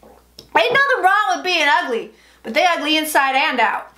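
A woman's voice: high-pitched, big pitch swings, moderate pace, sharp tone, echoey room, a little hiss or hum. A woman doing a casual livestream tarot reading, brash, profane and joking as she talks. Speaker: psychic tarot reader.

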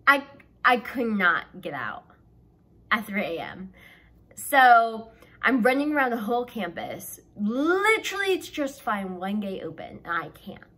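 A young woman from the South tells a storytime vlog in a chatty, animated rush, leaning on "like" at every turn. Her voice sits a little high and sounds bright and clear. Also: a little slow. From American South. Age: young adult. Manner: chatty and animated, heavy use of "like". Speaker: vlogger.

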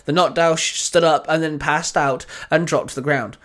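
A man reading a fan fiction story aloud in a steady storytelling voice. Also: fairly high pitch, moderate pace. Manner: steady reading with small restarts.

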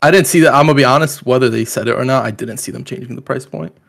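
A man's voice: mid-range voice, rapid-fire, gravelly. A man co-hosting a casual gaming podcast, easygoing and self-deprecating, often laughing along. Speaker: podcast co-host.

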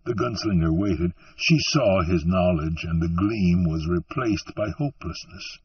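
Measured male audiobook narrator, slow and dramatic; dry sound, dull and recorded from afar. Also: sits low, husky, no room sound, recorded from a distance.

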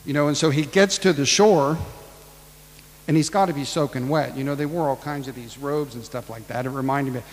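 A man's voice: mid-range voice, fairly quick, big-room sound, poor audio. A man preaching a casual storytelling sermon, ad-libbing and acting out the people in the tale. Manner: casual, ad-libbing retelling with acted-out voices.

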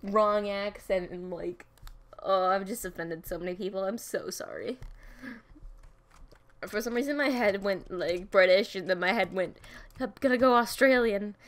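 A woman's voice: mid-range voice, measured pace. A woman chatting casually over her gameplay, rambling and often putting herself down. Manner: rambling and self-deprecating. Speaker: gaming video host.

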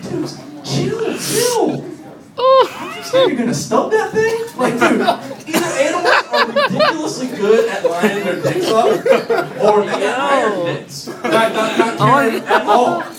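A young man doing a stand-up set at an open mic in a bar and grill, loose and profane and chuckling through his lines. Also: very high-pitched. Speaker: comedian. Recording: echoey room from far off, crowd noise.

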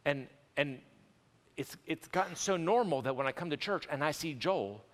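High-voiced pastor preaching in a hall. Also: male voice. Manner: animated and conversational, with quick restarts and jokes. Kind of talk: sermon. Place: church sanctuary. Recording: long church hall reverb.

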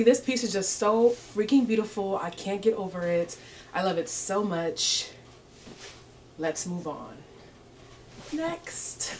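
A young woman chats through a clothing try-on haul in a sassy, playful way, laughing as she goes. Her voice sits at a middle pitch for a woman. A faint background noise runs under the recording. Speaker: fashion vlogger. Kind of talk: casual try-on haul chat.

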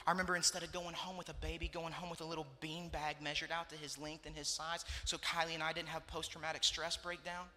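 A man's voice: on the high side, sharp tone, big-room sound. A young adult man preaching a sermon, pastor telling a personal story with emotional repetition. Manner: emotional storytelling, repeating phrases for emphasis.

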